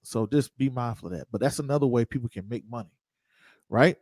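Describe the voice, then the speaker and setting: A man's voice: medium pitch, brisk, darkish tone, dry recording. A man hosting an investing livestream, talking loosely and joking with viewers, repeating his points. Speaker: host of investing show. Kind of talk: casual livestream talk.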